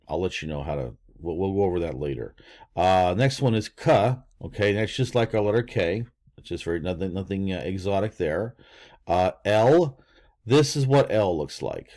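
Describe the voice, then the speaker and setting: Deep-voiced older man teaching. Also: a little mellow. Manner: rambling, many fillers and restarts. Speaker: language teacher. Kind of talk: casual screen-share lesson.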